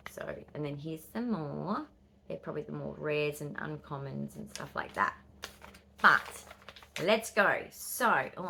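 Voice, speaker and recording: A woman in her fifties with an Australian accent, chatting casually in a vlog and telling stories with quick, excitable asides. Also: low voice, vocal fry, slight background noise. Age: 50s. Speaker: vlogger. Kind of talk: casual chat.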